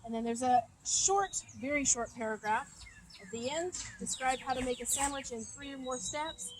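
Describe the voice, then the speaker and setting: A woman teacher with a high voice walks through a recorded lesson in a patient, methodical way. She spells words out letter by letter and thinks aloud with frequent ums, while a faint noise sits behind her voice. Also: moderate pace.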